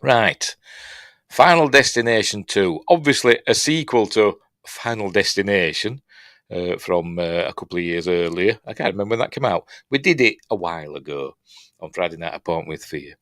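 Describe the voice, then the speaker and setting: This Yorkshire man hosts a rambling, casual film review, chatty and self-mocking, full of fillers and restarts. His voice sits low with a fairly bright tone at normal speed, recorded with studio quality and no room sound.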